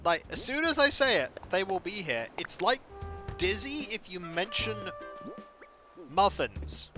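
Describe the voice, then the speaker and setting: A man's voice: sits high, big pitch swings, unhurried, bright, forceful tone. A man chatting wryly to his viewers while playing a game on a live stream. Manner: chatty, wry, talks to chat while playing. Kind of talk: casual live-stream commentary. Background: faint game music.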